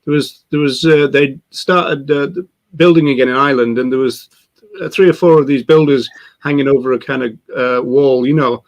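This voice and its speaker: A man's voice: medium pitch, fairly even intonation, normal speed. A man co-hosting, chatting casually and joking wryly. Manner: wry, dry joking. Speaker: co-host. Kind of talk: casual chat.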